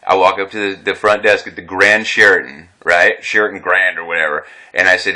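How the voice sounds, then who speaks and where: A man's voice: low-pitched, fairly even intonation, normal speed, sharp tone. A veteran man telling his own story in an unscripted vlog, rambling and agitated, swearing often and restarting his sentences. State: distressed.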